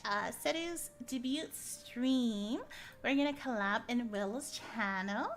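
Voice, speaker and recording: A young woman wraps up her stream in a giggly, affectionate way. Her voice sits high and light, and she laughs between her words. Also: unhurried. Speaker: streamer ending her debut. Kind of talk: casual stream sign-off chat.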